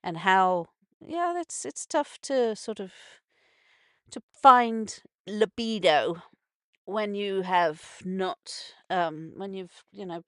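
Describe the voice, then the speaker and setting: Broadcasting a casual morning radio show from a canal narrowboat, a woman speaks slowly in a mid-range, slightly bright voice, recorded at studio quality with no echo. Since a stroke her emotions run high, and she rambles, restarts often, and swears when upset.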